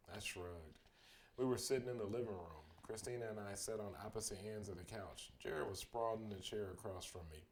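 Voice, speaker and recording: Dad reading a bedtime story. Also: male voice, fairly low pitch, fairly quick, a little mellow, a little hiss or hum. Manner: reads steadily, livens up the quoted lines. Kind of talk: reading a children's book aloud.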